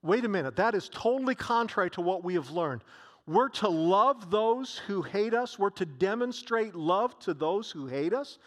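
A man preaching a sermon to a congregation in a church, emphatic and repeating his key phrases. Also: high voice.

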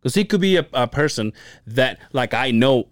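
A man's voice: medium pitch, animated, moderate pace, dry recording, clean studio sound. A young man co-hosting a podcast, talking casually, rambling with restarts, cursing and laughing. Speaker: podcast co-host. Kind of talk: casual chat.

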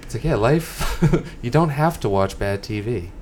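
A man's voice: mid-range voice, animated, normal speed, darkish tone, slight background noise. A man co-hosting a podcast in casual chat, loose and jokey, laughing often. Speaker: podcast co-host.

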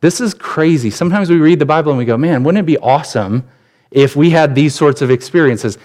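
A man in his thirties preaching a sermon as pastor, candid and conversational, telling personal stories with animated shifts. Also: fairly high pitch, brisk.

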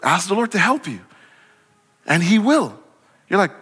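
Bright-voiced male pastor preaching in a reverberant hall. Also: fairly high pitch, measured pace, long pauses, slightly rough. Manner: animated, conversational preaching with acted-out dialogue. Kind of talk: sermon. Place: church sanctuary.

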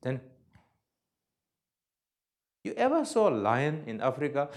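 Man, medium pitch, Buddhist teacher answering questions; halting non-native English, emphatic and demonstrative. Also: big pitch swings. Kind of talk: spoken talk and Q&A. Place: lecture hall with audience.

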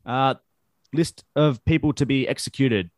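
A man's voice: medium pitch, a little slow, darkish tone, no echo, clean studio sound. A man co-hosting a casual football chat, blunt and profane, given to heated rants. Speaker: podcast co-host.

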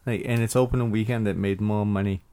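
A man's voice: on the low side, fairly even intonation, quick pace, dark tone, clean tone. A man co-hosting a podcast, swearing and mocking in casual banter. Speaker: podcast co-host. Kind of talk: casual chat.

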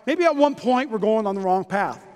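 A man preaching a lively sermon, joking with volunteers onstage in quick bursts. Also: high voice. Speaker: pastor. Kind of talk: lively sermon with stage demonstration. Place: church auditorium. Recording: long reverb of a church hall.

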